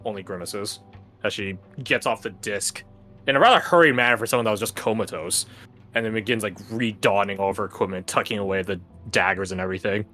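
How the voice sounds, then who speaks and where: A man's voice: on the low side, fast, sharp tone, soft background music. A man narrating as game master of a tabletop game in a casual, laughing manner and swearing freely.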